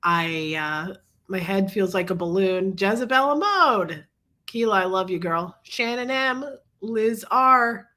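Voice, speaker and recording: A woman's voice: expressive, slow pace, bright, forceful tone. Sick chatty woman streaming live. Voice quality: low husky sick voice. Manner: chatty, greets viewers by name. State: sick, congested and coughing. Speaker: livestream host. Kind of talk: casual livestream chat.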